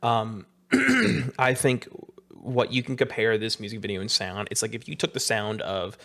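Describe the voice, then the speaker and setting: A man with a lowish voice talks casually as a podcast co-host. He is hoarse, losing his voice, and keeps clearing his throat. His talk rambles and hesitates, with many restarts. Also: steady tone, normal speed, a bit bright. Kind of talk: casual chat.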